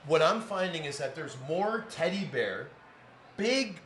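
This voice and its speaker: A man's voice: fairly high pitch, animated, normal speed, a crowd in the background. A man from Canada hosting a podcast, talking in an enthusiastic, emphatic way in a studio inside a sports bar. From Toronto, Canada. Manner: enthusiastic, emphatic, repeats for stress. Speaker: podcast host. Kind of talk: casual interview chat.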